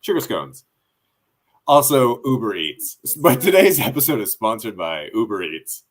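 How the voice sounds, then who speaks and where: A man's voice: mid-range voice, sing-song, a little slow. A man improviser and co-host chatting on a podcast, joking around and expressing his thanks to his scene partner. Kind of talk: casual podcast chat.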